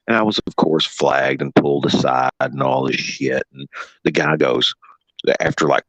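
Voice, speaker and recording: A man from the American South, a podcast co-host chatting casually, telling animated stories, swearing and laughing as he goes. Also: a bass voice, vocal fry, breathy edge, no room sound, rough recording. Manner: animated storyteller, swears freely, laughs often. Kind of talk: casual chat.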